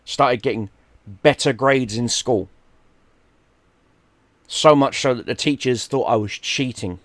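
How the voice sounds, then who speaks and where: A man's voice: mid-range voice, slow, dry recording. A middle-aged man, casually telling a story, swearing freely and acting out what people said. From London, England. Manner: animated, swears freely, acts out quoted people. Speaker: streamer.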